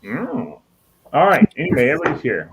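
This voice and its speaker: A man's voice: fairly high pitch, sing-song, a little fast. A man hosting a casual group video chat, joking and chatty with playful asides. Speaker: host. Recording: dull lo-fi sound with faint noise.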